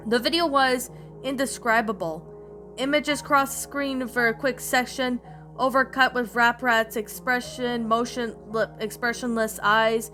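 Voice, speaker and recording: Woman reading a horror story, kinda high bright voice, stumbles a bit, soft music under it. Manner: slightly halting reading with restarts. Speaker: creepypasta narrator. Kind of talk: storytelling narration. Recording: faint background music.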